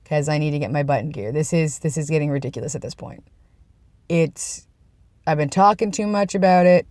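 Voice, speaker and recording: A man's voice: a little high, brisk, darkish tone, no echo. A young man vlogging in a casual, rambling way, with self-deprecating asides, talking from his workplace. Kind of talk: casual chat.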